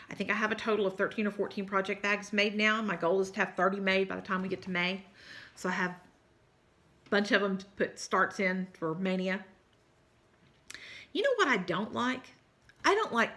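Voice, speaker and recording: A woman with a Texan drawl chats to her viewers in a loose, rambling way, full of y'all and little apologies. She sounds tired and keeps yawning, and her voice has a bright, forward edge. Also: medium pitch. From South Texas. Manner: rambling, chatty, apologetic, says y'all often. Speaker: cross-stitch vlogger. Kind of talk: casual chat to viewers.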